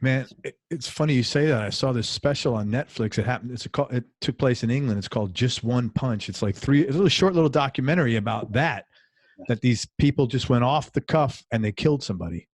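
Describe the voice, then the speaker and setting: A chatty, enthusiastic man hosts a casual interview with a friendly manner. His middle-pitched voice sits close and dry, with no room sound around it. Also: expressive, quick pace, dry recording. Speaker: interview host.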